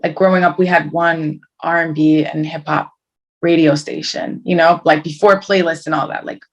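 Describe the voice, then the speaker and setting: Low gravelly-voiced young woman guest. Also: fairly even intonation, normal speed, rough recording. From Toronto, Canada. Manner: chatty, rambling with many likes and restarts. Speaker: guest singer. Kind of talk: casual interview over video call. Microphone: video call.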